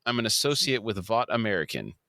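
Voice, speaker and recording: A man reading aloud the lines of a smooth adult male corporate liaison in an even, businesslike manner. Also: on the low side, brisk, no echo, clean studio sound, exaggerated voice. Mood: persuasive.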